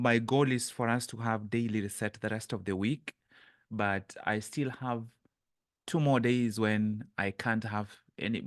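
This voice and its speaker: A man coaching a live online group, his voice sitting fairly low. He talks earnestly and haltingly, often restarting and repeating words. The sound is dry and close, with no room echo. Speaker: mindset coach leading an online session. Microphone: webcam.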